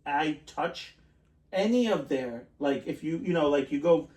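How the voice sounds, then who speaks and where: A man's voice: on the high side, animated, unhurried, darkish tone, distant mic. Rambling, laughing man on a roomy mic. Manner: rambling, laughs often, trails off mid-sentence. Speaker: podcast co-host. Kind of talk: casual podcast chat.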